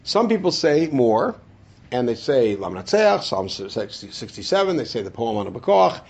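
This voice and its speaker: Husky-voiced man teaching a class. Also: sing-song, normal speed, a little mellow. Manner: asks rhetorical questions and answers them; swings between low asides and emphatic high points. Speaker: Torah teacher. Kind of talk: classroom lecture.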